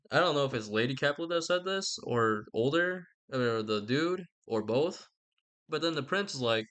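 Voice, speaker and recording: A man's voice: mid-range voice, animated, moderate pace, fairly bright tone. A man rambles through a comic retelling, swearing freely and breaking off for asides. His voice swings widely and animatedly. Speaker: vlogger.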